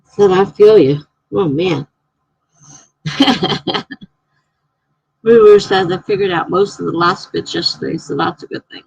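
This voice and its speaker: A woman's voice: lowish voice, a little slow, gravelly, long pauses, husky, low-quality recording. A woman hosting a casual writing livestream. She chats, laughs often, thinks aloud and reads viewer comments out.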